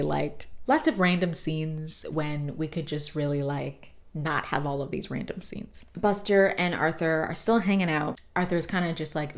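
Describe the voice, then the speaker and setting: Low-voiced woman recapping a cartoon. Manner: chatty, profane, lots of fillers and asides. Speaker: podcast host. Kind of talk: casual comedic episode recap.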